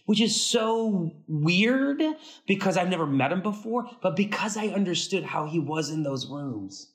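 A man chatting as an interview guest, with a fairly high voice. He tells his stories in quick bursts and acts out every quoted line. His speech is loose and full of restarts. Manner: animated, acts out quoted dialogue with big pitch jumps; frequent fillers and restarts, fast bursts. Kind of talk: casual interview storytelling.

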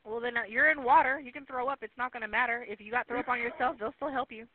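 Impatient woman dispatcher, quick and clipped, scolding, tinny phone sound. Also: a little high, steady tone, no echo. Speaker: 911 dispatcher. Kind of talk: emergency call dispatching.

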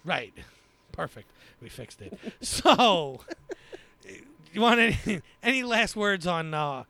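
A man's voice: sits high, sing-song, slow, pushed and bright, no echo. A man co-hosting a podcast in casual chat, rambling and joking with frequent fillers. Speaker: podcast co-host.

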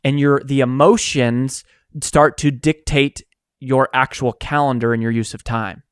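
A man, an author who runs a coaching company, telling stories in a conversational interview, animated and acting out quotes. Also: medium pitch, a little slow, clean tone, no room sound, studio quality. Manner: animated storyteller, acts out quotes.

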